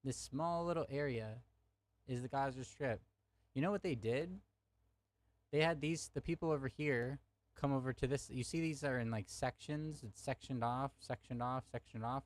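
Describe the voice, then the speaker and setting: A man's voice: medium pitch, normal speed. A young man streaming a heated debate, arguing angrily with his chat and swearing often. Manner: angry, profane, talks to chat.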